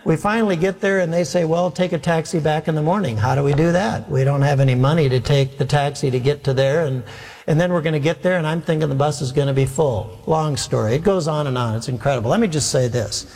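A man preaching from the pulpit, spinning a long comic story at his own expense and acting out the people in it. His voice sits a little high for a man, and it rings out with a long reverb through a church hall. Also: fast talker. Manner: humorous, self-deprecating storyteller with lively acted quotes. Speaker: pastor. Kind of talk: sermon storytelling.

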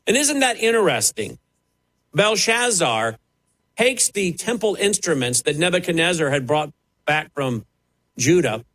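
A man's voice: on the high side, big pitch swings, normal speed, fairly bright tone. A man preaching a sermon as a television preacher, emphatic and dramatic, swinging sharply up and down as he drives his points.

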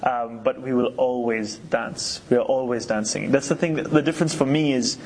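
A man's voice: mid-range voice, steady tone, moderate pace, darkish tone, husky. A man from Uganda who grew up in New York, talking in a chatty, storytelling way in conversation. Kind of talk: relaxed conversation.

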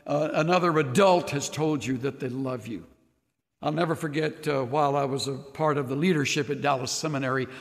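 An older male pastor delivers a sermon in a slightly higher voice that carries a long reverb through a large sanctuary. He talks earnestly, sinking into hushed, almost whispered phrases and then climbing into emphatic declarations. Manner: earnest, swings from soft near-whispers to rising emphatic declarations.

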